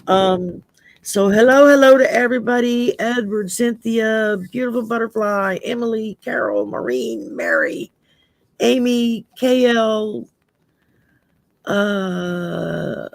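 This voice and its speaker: A woman's voice: a little high, slow, creaky, no room sound. A middle-aged woman from the Gulf Coast with a Southern accent, hosting a casual live-stream chat and laughing often. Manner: chatty, laughs often, says y'all. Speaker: host.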